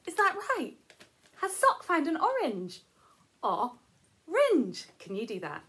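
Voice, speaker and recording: A woman's voice: high voice, huge pitch swings, slow pace, long pauses, a bit bright. A woman teacher giving a playful, sing-song lesson to young children.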